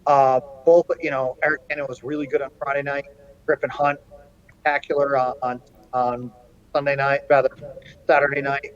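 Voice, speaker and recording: A middle-aged man, a college hockey coach, telling an animated story in an interview, with plenty of ums and restarts. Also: mid-range voice, normal speed, dull audio. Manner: animated anecdote-telling with frequent fillers.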